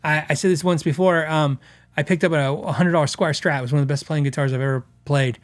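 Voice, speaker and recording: A man with a slightly high voice, steady tone, and quick pace hosts a podcast. He reads viewer comments in a loose, rambling way, restarting often and acting out the quotes.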